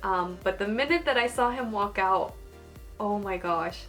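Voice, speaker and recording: A young adult woman vlogging casually about an exciting experience, gushing and giggling, with lots of "like" fillers. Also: medium pitch, unhurried, soft background music. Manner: gushing, giggly, heavy use of "like".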